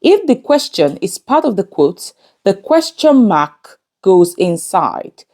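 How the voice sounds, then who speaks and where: Slow, lively-voiced woman teaching grammar. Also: mid-range voice. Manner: measured, instructive, reads examples aloud. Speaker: English teacher. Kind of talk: scripted grammar lesson narration.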